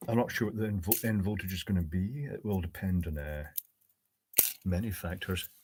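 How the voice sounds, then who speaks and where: A man building a high-voltage circuit live at his workbench, thinking aloud, answering viewers' chat and dropping dry jokes. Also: moderate pace, darkish tone, slight background noise. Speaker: electronics hobbyist host. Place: home electronics workbench.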